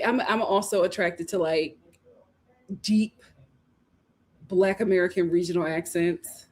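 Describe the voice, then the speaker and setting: A woman hosting a casual livestream, reading viewer comments aloud, animated and laughing often as she talks. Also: on the low side. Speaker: host of a reality TV review livestream.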